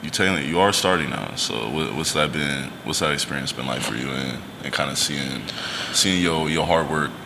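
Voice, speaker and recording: A man's voice: rumbling low, brisk, creaky, background noise. A young man co-hosting a casual chat, asking laid-back, rambling questions. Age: young adult. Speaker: co-host.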